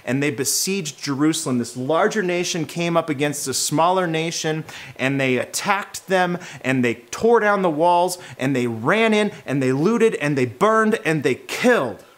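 A man preaching a sermon, swinging between hushed, low passages and loud, impassioned ones. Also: animated, unhurried. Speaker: pastor.

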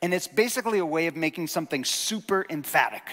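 A man's voice: on the high side, animated, fast talker, fairly bright tone. A man giving a sermon in a conversational teaching style, with enthusiastic asides. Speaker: pastor. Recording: reverberant hall.

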